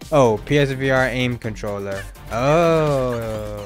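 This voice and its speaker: A young man streaming a video game, reacting with slangy, excitable commentary and sudden loud outbursts. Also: medium pitch, slow pace, faint music behind. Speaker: gaming streamer. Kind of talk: let's play commentary.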